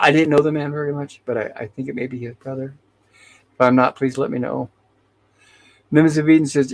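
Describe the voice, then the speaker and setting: Chatty man reading out viewer comments. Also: mid-range voice. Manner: reads viewer chat messages aloud and greets each viewer by name; hesitant, with frequent restarts and self-corrections. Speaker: livestream host. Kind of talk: casual livestream chat.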